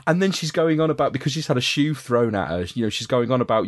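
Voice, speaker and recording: A man's voice: mid-range voice, fast talker, no echo, studio quality. A man chatting enthusiastically about a film, laughing often and restarting his sentences. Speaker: podcast film discussion panelist. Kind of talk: casual chat.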